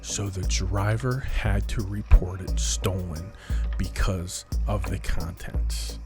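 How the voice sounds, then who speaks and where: A man's voice: low-pitched, fairly even intonation, slow, over music. A man telling a dramatic personal story to camera for his vlog, acting out what people said along the way. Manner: dramatic, quotes people in different voices.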